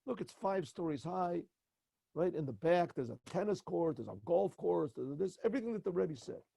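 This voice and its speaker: Proud innkeeper in a told story, voiced by a male narrator; eager, husky voice. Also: high voice, lively intonation, moderate pace, mellow, dry recording, exaggerated voice.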